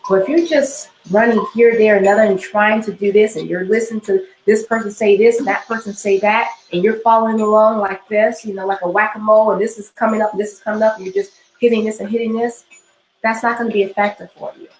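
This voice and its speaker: A woman's voice: medium pitch, steady tone, fast talker, reverberant, rough recording. A woman spiritual teacher giving an instructional talk, often repeating phrases and checking in with "okay?".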